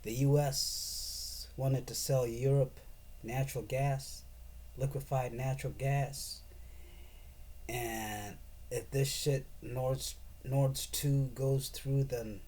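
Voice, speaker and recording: A man's voice: mid-range voice, fairly even intonation, takes it slowly, mellow. A man giving a profane, sarcastic and rambling political rant as a commentator.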